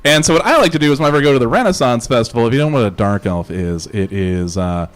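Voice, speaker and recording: A man's voice: mid-range voice, expressive, rapid-fire. A man telling a long, profane story with lots of laughs and filler as a co-host of a live comedy podcast. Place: live venue stage.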